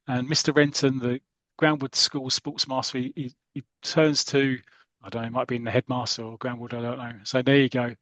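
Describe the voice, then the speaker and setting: A man's voice: mid-range voice, no room sound. A man hosting a podcast, animatedly retelling a comic strip and acting out its scenes. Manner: animated, acts out the story as he reads. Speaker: podcast host.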